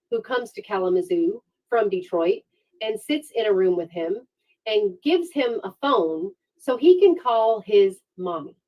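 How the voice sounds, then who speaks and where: A woman hosting a true-crime livestream, telling the case in a casual, sarcastic and animated way. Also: on the high side, poor audio.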